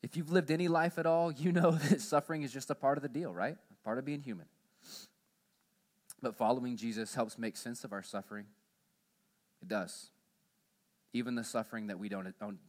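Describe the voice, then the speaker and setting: A man preaching a sermon in church as pastor, who pushes his voice higher and louder on key points and then drops low and quiet to close them. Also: brisk.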